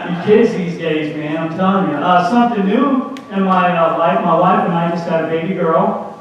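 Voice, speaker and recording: Man, stand-up comedian, high voice, quoted voices of family members, big echoey hall, faint ambience. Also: moderate pace, noisy background. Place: community theatre stage. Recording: echoey hall, mic from far off, dull.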